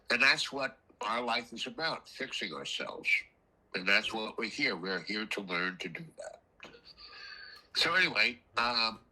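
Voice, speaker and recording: Older male storyteller, casual and rambling, husky and bright tone. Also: mid-range voice, low-quality recording. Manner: rambling, animated, frequent coughs. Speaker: storyteller guest.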